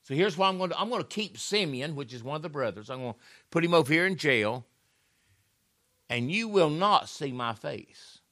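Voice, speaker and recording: A man's voice: a little high, animated, brisk, a bit bright, pitched above the performer's own voice. A man preaching acts out a stern ruler threatening his brothers in a blunt, folksy way.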